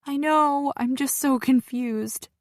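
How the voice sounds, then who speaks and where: A woman's voice: sing-song, unhurried, no room sound, studio quality. A woman narrator voicing a tearful, distraught young woman who is crying in an audiobook. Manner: distraught, voice pitched up. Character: young woman, panicked, tearful, newly pregnant. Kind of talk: audiobook character voice.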